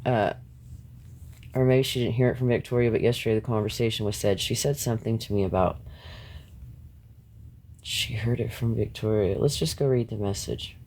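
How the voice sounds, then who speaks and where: A man's voice: lowish voice, normal speed, pauses often, darkish tone, a little hiss or hum. A man hosting a live stream, ranting bluntly and confrontationally at his viewers, swearing freely and laughing between points. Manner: talks back to chat, laughs between points.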